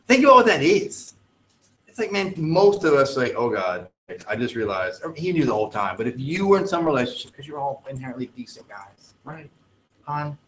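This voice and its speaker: A male teacher lecturing a class, animated and joking with his students. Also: a little high, a little fast, slight background noise. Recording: echoey classroom with faint ambience.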